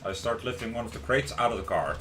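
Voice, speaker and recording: A man's voice: medium pitch, expressive, fast talker, a bit bright, soft background music. A man hosting a live stream and joking around as he narrates a role-play story. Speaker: host and narrator.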